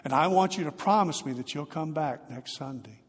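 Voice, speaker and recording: A man voicing a comforting mother within a sermon, speaking softly but firmly. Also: fairly high pitch, normal speed, husky, in a large hall. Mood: gentle firm. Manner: soft but firm.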